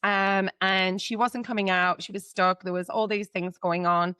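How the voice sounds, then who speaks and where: Smooth-voiced woman telling a personal story. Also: medium pitch, fairly even intonation, moderate pace, bright, forceful tone, no room sound, clean studio sound. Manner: candid, chatty storytelling with many fillers. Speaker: guest, psychic medium and mentor. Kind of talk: personal storytelling in a podcast interview.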